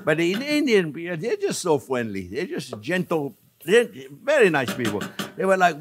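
A man's voice: on the high side, wildly swooping pitch, normal speed, a little hiss or hum. An older man from France with a French accent, hosting a casual cooking demonstration, chatty and self-amused, often calling viewers friends. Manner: chatty, repeatedly calls viewers friends, laughs at himself. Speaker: cooking show host.

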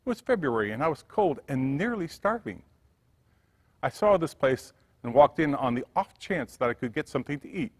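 A man's voice: fairly high pitch, big pitch swings, moderate pace. A man voicing a wealthy, kind middle-aged businesswoman who speaks politely but insists. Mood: gracious. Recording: church hall reverb.

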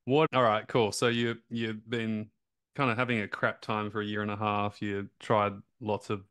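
An Australian man hosting a casual interview, talking in a relaxed, informal way with loose fillers. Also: fairly low pitch, moderate pace, clear, resonant tone. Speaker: interview host.

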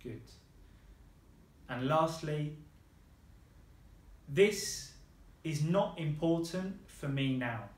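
A man's voice: fairly high pitch, lively intonation, extremely slow, pauses often, reverberant. A man teaching a beginners' Spanish lesson, patient and encouraging, praising the learner often. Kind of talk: slow, patient language lesson.

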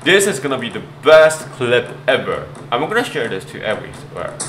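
A man giving excited gameplay commentary as a gaming YouTuber, pleading and shouting at the game and laughing often. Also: medium pitch, a little fast, noisy background. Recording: echoey room with game music.

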